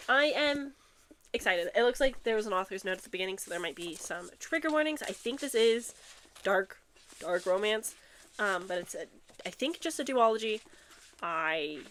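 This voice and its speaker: A young woman vlogging a book unboxing in a casual, chatty way, excitable and giggly, a bit out of breath. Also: mid-range voice, brisk. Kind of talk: casual chat and reading blurbs aloud.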